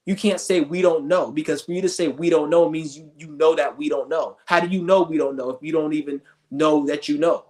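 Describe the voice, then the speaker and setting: A man's voice: on the high side, fairly even intonation, fairly quick, few pauses. A male streamer ranting with scorn, rambling and cursing as he goes. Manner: profane, scornful, rambling rants. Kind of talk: ranting commentary.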